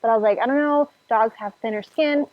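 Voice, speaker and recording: A woman's voice: fairly high pitch, fairly quick, no room sound. A woman casually telling a personal story, acting out her own past reactions with lots of "like" fillers. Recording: dull lo-fi sound, faint music behind.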